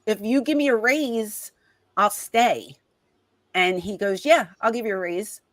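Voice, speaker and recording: A woman's voice: medium pitch, unhurried, no echo, rough recording. A middle-aged woman, a guest in an interview, telling stories in a casual way and acting out the lines of the people in them. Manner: animated, reenacts conversations with quoted voices. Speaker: guest, former wrestling personality.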